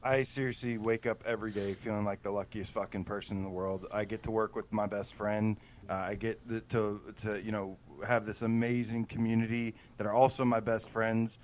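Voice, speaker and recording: A man's voice: lowish voice, flat delivery, brisk, hardly any pauses, darkish tone, slight background noise. A man co-hosting a casual gaming news show, talking earnestly and enthusiastically, with casual swearing. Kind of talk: casual chat.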